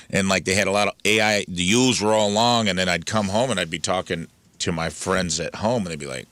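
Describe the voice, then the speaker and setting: A man's voice: low voice, fairly quick, a bit bright, dry recording. A man from Southern Illinois co-hosting a radio comedy show, telling stories and acting out quotes. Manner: storytelling, acts out quotes. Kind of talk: casual chat.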